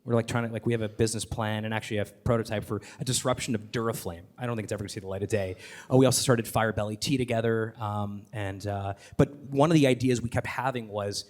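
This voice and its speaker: A man talking onstage as a podcast host, enthusiastic and rapid, with many fillers, restarts and the odd swear word. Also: fairly low pitch, steady tone, darkish tone. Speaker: podcast host and guest speaker. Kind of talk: live onstage conversation.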